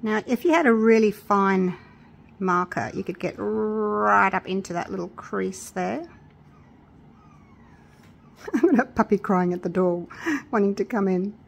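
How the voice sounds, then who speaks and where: A woman chatting casually through a resin crafting tutorial, excitable and gushing with delight. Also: mid-range voice, unhurried, vocal fry, long pauses. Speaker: craft vlogger.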